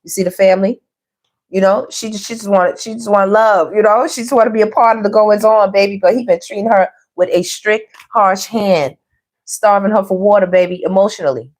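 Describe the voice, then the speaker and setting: A woman's voice: mid-range voice, brisk. Chatty woman giving a tarot reading. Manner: chatty and animated, calls listeners baby and girl, laughs often. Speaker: tarot reader. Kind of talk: casual tarot reading to viewers.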